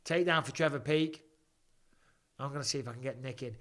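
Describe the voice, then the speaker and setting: A man's voice: mid-range voice, fairly even intonation, fast, fairly bright tone. A man in his forties chatting casually through live fight commentary at home, joking and answering viewer questions. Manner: chatty, jokey banter reading viewer questions aloud. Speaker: live stream host.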